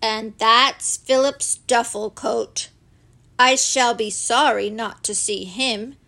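A woman's voice: fairly high pitch, steady tone, gravelly, sharp tone, exaggerated voice. A woman doing a shy polite teddy bear. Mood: timid, earnest. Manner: slow, timid and earnest.

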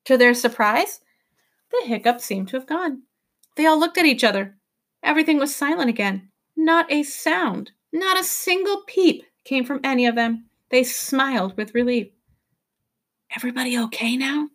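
A woman teacher reading a novel aloud to her class with expressive storytelling delivery. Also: high voice, moderate pace.

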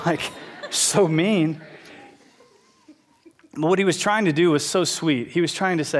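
A man in his thirties preaching a sermon, animated, acting out quotes and asides. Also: fairly high pitch, normal speed. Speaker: pastor.

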